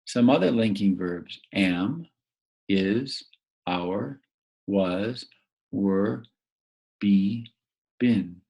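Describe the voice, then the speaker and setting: A man teaching a recorded grammar lesson to young children, patient and prompting them to pause and answer. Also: fairly low pitch, animated, gravelly, darkish tone, breathy edge.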